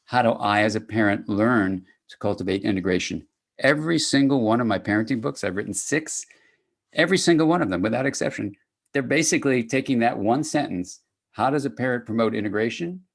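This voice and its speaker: An older man giving a conversational academic lecture to clinicians, lively and acting out little dialogues. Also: fairly quick, creaky. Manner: animated, conversational, acts out dialogues with rising pitch.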